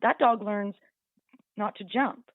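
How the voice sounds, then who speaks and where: A woman dog trainer speaks slowly in a medium pitch during a casual radio interview. Her chatty talk is peppered with "you know," and she imitates dogs and their owners; the line is dry, tinny, and phone-like without echo.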